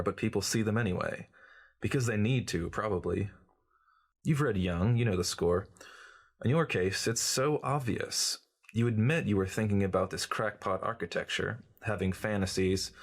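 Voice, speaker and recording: A man reading as a glib, cynical journalist who lectures breezily in an audiobook. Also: low-pitched. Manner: breezy, lecturing, know-it-all.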